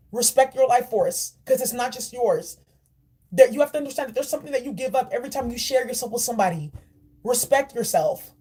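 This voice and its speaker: Blunt, preachy woman card reader, husky. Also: a little high, darkish tone. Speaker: spiritual reader. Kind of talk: tarot and oracle card reading.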